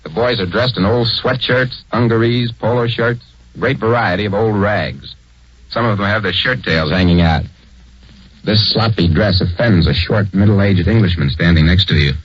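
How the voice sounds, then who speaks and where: A man's voice: fairly low pitch, moderate pace, husky, no room sound. A man narrating a 1940s radio program in a conversational, explanatory way, on a dull old recording.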